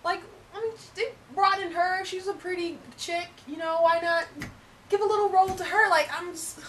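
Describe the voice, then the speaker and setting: A young woman with a Michigan accent co-hosting a casual review podcast, chatty and opinionated, quick to laugh. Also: extremely high pitch, steady tone, fairly bright tone, distant mic, a little hiss or hum, rough recording. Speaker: podcast co-host.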